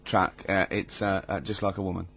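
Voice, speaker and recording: Bright-voiced giggly male radio host. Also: low voice, flat delivery, fairly quick, creaky, husky. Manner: giggly, mocking, storytelling. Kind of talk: radio comedy banter. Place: radio studio. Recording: slightly dull radio studio sound.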